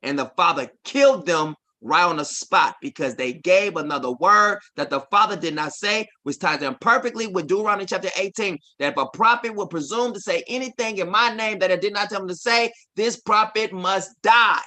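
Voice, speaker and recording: A man in his forties preaching on a livestream, swinging between quiet asides and loud emphatic declarations with a repetitive, insistent cadence. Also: high voice, brisk, few pauses. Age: 40s.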